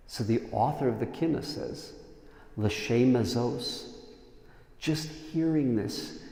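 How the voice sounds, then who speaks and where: A man, a rabbi, giving a sermon as animated storytelling that swings from loud emphasis to hushed tones. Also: mid-range voice, measured pace, gravelly. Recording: echoey hall.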